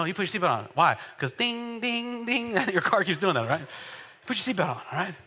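Male pastor, high bright voice, lively sermon in a reverberant church hall. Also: breathy edge. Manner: call-and-response preaching, builds to loud exclamations. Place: church sanctuary.

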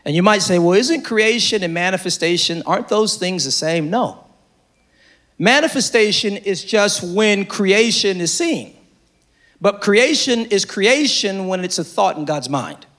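A man preaching to a church congregation in a high voice that leaps all over its range. He swings from shouted lines down to hushed asides and drives points home by repeating them. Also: animated, unhurried. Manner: repeats phrases for emphasis. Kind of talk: sermon. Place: church service before a congregation.

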